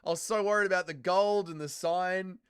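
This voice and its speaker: A man hosting a live fight watch-along stream, talking casually with chat and yelling profane instructions at the fighters. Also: sits high, normal speed, clean tone. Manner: excitable, profane, yells at the fighters. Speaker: livestream host.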